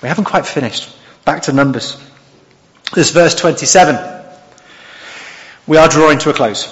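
A man's voice: on the high side, moderate pace. A male preacher giving an expository sermon, often asking the congregation questions. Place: church hall. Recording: dull sound with long hall reverb.

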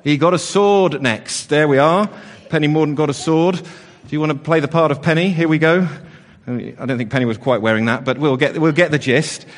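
With a fairly high pitch and a fairly quick pace, a man leads an all-age church service, bantering playfully with the children amid many fillers and restarts. Long church reverb colors the recording.

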